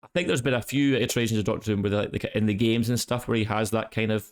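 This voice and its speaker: A man's voice: lowish voice, fast talker. A man hosting a casual podcast chat, talking in a hesitant way with many restarts. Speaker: podcast host.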